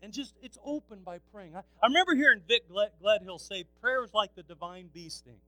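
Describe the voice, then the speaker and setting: High-voiced man preaching with fervor. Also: animated, a little fast, no room sound, poor audio. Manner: swings from hushed storytelling to loud exhortation. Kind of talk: sermon storytelling.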